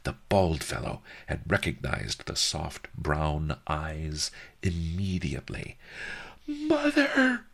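A man's voice: extremely low pitch, slow, gravelly. A man narrating an audiobook in a wry, dry storytelling manner.

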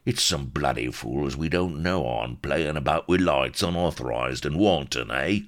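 A man's voice: extremely low pitch, normal speed. A man doing a blustering old pirate, Firebeard. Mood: doubtful. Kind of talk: audiobook character voice.

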